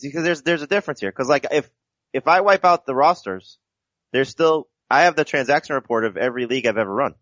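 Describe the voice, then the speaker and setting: A man's voice: mid-range voice, lively intonation, quick pace, a bit bright, dry recording, muffled recording. A man co-hosting a sports podcast, analytical and explaining in long winding sentences. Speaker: podcast co-host. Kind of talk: casual sports podcast chat.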